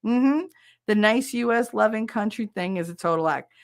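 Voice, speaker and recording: A woman's voice: fairly high pitch, lively intonation, normal speed, no echo, studio quality. A woman in her fifties with a New Jersey accent, hosting a podcast and telling stories in a casual, blunt and profane way, acting out both sides of a conversation. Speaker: podcast host. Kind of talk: casual storytelling chat.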